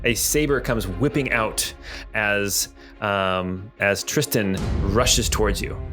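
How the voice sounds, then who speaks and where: A man's voice: lowish voice, slow pace, music in the background. A man narrating as game master of a tabletop game, casual and descriptive.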